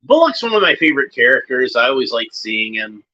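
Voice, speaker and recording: A man hosts a watchalong, talking casually over a cartoon. He is chatty and enthusiastic, with quick offhand asides. His voice is bright, and the recording is dull and lo-fi. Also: medium pitch, big pitch swings. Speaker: watchalong host.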